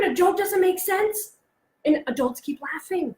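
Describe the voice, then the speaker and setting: A chatty woman in her thirties gives a solo talk to parents and keeps acting out her son's silly jokes. Her voice sits high. The room around her is echoey. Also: moderate pace, darkish tone. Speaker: presenter on parenting and humor. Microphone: close mic, alone presenting online.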